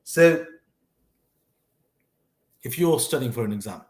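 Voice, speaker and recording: A host sharing life lessons talks casually and thoughtfully in a reflective monologue, often restarting and correcting himself mid-sentence. His male voice is mid-range, expressive, and slow, with a roomy echo.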